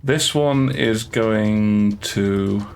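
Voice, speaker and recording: Low-voiced man running a tabletop game. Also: drawn-out words, creaky. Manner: hesitant, many fillers and restarts. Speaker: dungeon master.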